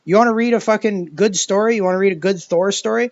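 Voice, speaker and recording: Brief: exasperated male commentator, high voice, profane rambling rant, dull dry recording. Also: fast talker, dry recording. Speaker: video commentator. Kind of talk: ranting commentary monologue.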